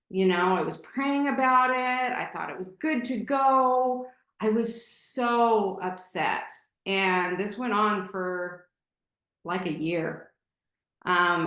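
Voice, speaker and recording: A woman's voice: mid-range voice, fairly bright tone. A woman guest telling a personal story candidly and emotionally, with many fillers and restarts. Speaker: podcast guest. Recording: roomy echo.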